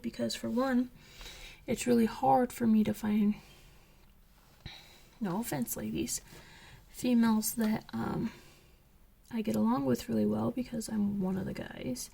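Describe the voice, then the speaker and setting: A young woman and coloring channel host chatting casually as she tells a story, slipping into whispers when excited. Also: a little high, normal speed, gravelly, slightly rough. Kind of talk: casual chat while coloring.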